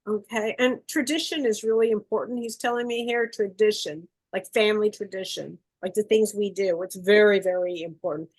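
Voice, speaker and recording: A woman giving a psychic gallery reading over a video call, coaxing and relaying messages in quick bursts. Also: medium pitch. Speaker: psychic medium. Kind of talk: live online gallery reading.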